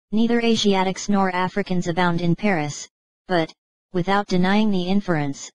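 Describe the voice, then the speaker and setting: Low-voiced woman reading steadily. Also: a little mellow, no room sound, poor audio. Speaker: audiobook narrator. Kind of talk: scripted narration.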